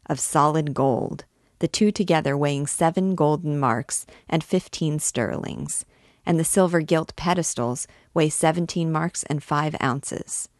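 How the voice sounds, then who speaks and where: A woman's voice: low voice, no room sound, clean studio sound, lightly acted. A woman reading the lines of a scheming male vagabond in a storybook reading, in an eager, rallying way.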